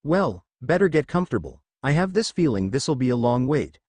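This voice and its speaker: Man playing young male ninja in an audiobook, brash, expressive, lively, dry close sound. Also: mid-range voice, moderate pace, no room sound. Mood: bewildered.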